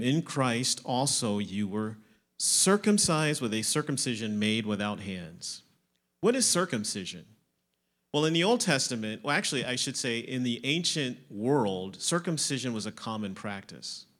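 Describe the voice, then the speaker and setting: A man preaching a sermon, explaining scripture, asking questions and answering them himself, moving between emphatic lines and quieter ones. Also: medium pitch. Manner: explanatory, asks and answers his own questions.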